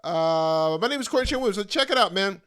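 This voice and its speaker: A man's voice: sits high, animated, fast talker, a bit bright, clean tone. A middle-aged man, hosting his own podcast as a stand-up comic, rambling casually and joking at his own expense in loose slangy talk. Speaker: podcast host and stand-up comedian.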